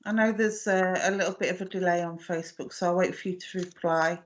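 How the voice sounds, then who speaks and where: A woman, working as a medium in a live online reading, speaking gently and affectionately with many hesitations and restarts. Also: lowish voice, steady tone, quick pace, dull audio. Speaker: psychic medium.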